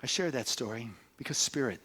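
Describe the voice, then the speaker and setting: A man's voice: mid-range voice, animated, brisk, bright, forceful tone, slightly rough. A male minister giving a sermon, earnest and conversational, moving into storytelling and often adding "you know".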